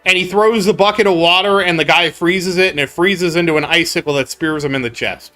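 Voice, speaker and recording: Bright, high-voiced rambling male gamer. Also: fairly quick, soft background music. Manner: rambling storyteller, laughs often and repeats words. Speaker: gaming channel host. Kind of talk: casual gameplay commentary.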